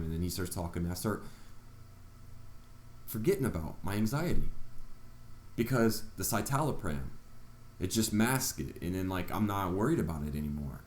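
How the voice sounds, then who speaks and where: A man's voice: low-pitched, expressive, normal speed, long pauses, a little mellow, reverberant, a little hiss or hum. A man vlogger earnestly telling a personal story, acting out his own reactions along the way. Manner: earnest, retelling events with quoted reactions.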